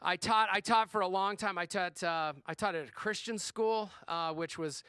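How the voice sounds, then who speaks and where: A man's voice: sits high, normal speed, bright, forceful tone, smooth, dry recording. A middle-aged man performing a stand-up comedy set on stage, talking in a chatty, self-deprecating way full of fillers and restarts. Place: comedy stage before a live audience.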